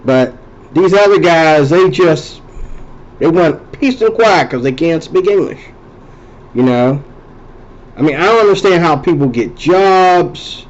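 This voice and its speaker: A man's voice: on the high side, expressive, measured pace, dull audio. A man hosting a casual rambling monologue, talking loosely and circling back to repeat himself. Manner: rambling, conversational, repeats and restarts phrases. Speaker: host.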